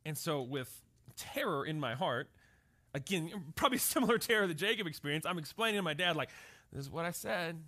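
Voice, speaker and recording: A man's voice: fairly high pitch, animated, a little fast, bright, forceful tone. A man preaching a sermon, telling stories and often checking in with "right?". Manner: storytelling, often asks "right?". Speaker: pastor.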